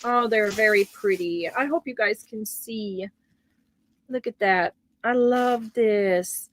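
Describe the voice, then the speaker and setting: Slow-talking, high-pitched woman host. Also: expressive, a bit bright, no room sound, poor audio. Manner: gushing, exclaiming over gifts. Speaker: crochet livestream host. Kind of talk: casual livestream chat.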